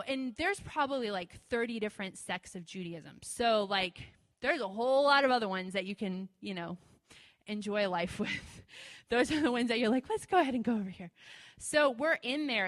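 A woman telling a story to an audience in a chatty, animated way, often laughing and using lots of fillers, recorded in a large hall. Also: on the high side, normal speed. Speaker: speaker sharing a testimony. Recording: long hall reverb.

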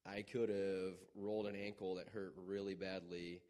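A man casually telling a story about an injury on a mission trip, animated and laughing often, acting out what others said. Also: sits low, normal speed. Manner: animated, laughing, acts out quoted voices.

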